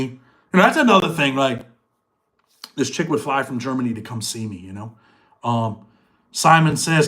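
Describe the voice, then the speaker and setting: A man's voice: mid-range voice, fairly bright tone. A middle-aged man hosting a casual live chat, talking in loose street slang and answering viewers' comments. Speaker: channel host.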